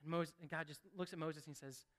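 A male preacher talking through a sermon in a chatty way, full of restarts and asides. He drops to a hush and then rises with excitement. His high, bright voice rings in a long hall reverb. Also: fast.

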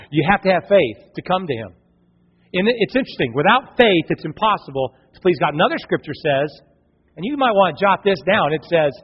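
High-voiced pastor preaching in an echoing hall. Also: male voice, fairly quick, husky. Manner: animated, acts out quoted voices. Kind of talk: sermon. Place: church sanctuary. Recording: long hall reverb, dull lo-fi sound.

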